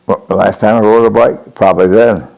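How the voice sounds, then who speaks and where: A man aged one hundred from upstate New York, answering interview questions in short, halting replies and often repeating the question back. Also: fairly low pitch, steady tone, creaky, a little mellow. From Niagara Falls, New York. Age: 100. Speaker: interviewee, war veteran.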